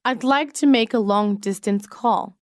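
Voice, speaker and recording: A woman reading isolated English practice sentences for a lesson, in a measured, even way. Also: on the high side, no room sound, studio quality.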